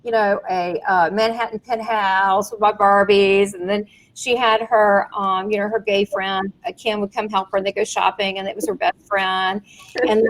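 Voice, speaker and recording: A woman hosting a podcast, telling stories in an animated, giggly casual chat. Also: mid-range voice, normal speed, low-quality recording. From Southern United States. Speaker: podcast host.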